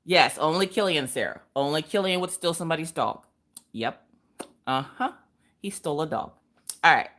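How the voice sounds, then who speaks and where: A woman hosts a relaxed live craft stream. Her voice sits a little low for a woman. She chats along, greets viewers by name, and laughs often. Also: moderate pace, long pauses. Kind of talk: casual live-stream chat.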